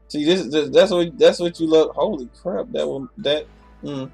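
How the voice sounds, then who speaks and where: A man's voice: a little high, normal speed, creaky, darkish tone, husky, faint music behind. A man streaming a live reaction, sleepy and chatty, restarting his sentences often. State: sleepy, yawning. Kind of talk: casual live reaction commentary.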